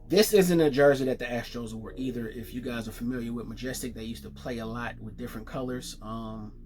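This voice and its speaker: Excited man showing off his jerseys. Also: medium pitch. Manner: excited, chatty, fillers and self-corrections. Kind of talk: casual show-and-tell vlog.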